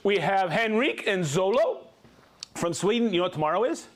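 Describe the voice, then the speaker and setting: An upbeat man hosting a live stream, talking in a fairly high voice that swings up and down with animation. He chats casually and laughs often. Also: big pitch swings, normal speed, slight background noise. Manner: upbeat, reads viewer shout-outs, laughs often. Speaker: host of a live tool show.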